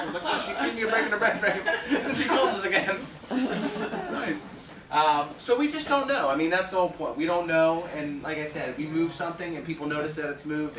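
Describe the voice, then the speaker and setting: A man telling anecdotes in a conference talk, chatty, laughing often and acting out the people he quotes. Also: a little high. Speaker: home inspector speaking at a conference. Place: conference room with an audience. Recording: echoey room, mic heard from far, audience noise.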